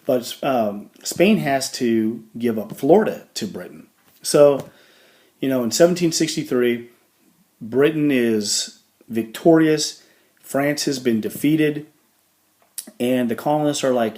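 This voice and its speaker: A man's voice: medium pitch, measured pace, a little mellow. A man giving a casual history lecture over slides, his voice in a middle register. He talks in a loose, conversational way, with fillers and playful asides. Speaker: history teacher.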